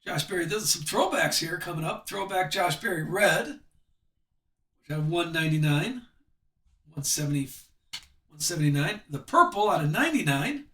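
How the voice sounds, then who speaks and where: A man with a high, bright voice hosts a live card break, chatty and upbeat as he calls out each card he pulls. He sounds a bit off the mic, and the room is echoey. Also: animated, moderate pace, pauses often, recorded from a distance. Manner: chatty, upbeat, calls out cards as he opens packs.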